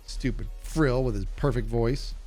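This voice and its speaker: A man's voice: mid-range voice, measured pace, a little mellow, faint music behind. A man with a nasal voice chatting casually on a gaming livestream, reading and answering his chat as he plays. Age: adult. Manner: chatty, reads and answers chat while playing. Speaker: streamer.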